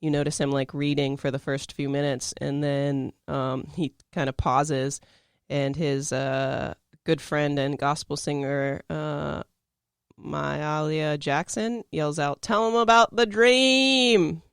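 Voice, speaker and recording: Young male co-host, smooth but gravelly voice, chatty fact-reading full of ums. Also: a little high, little pitch movement, takes it slowly, dry recording, studio quality. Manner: reads facts aloud with fillers and restarts. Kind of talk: casual chat.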